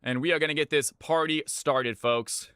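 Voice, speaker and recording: A man hosting a live game stream, energetically giving shout-outs to chat and calling out teams. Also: a little high, steady tone, moderate pace, clear, resonant tone, no room sound, studio quality.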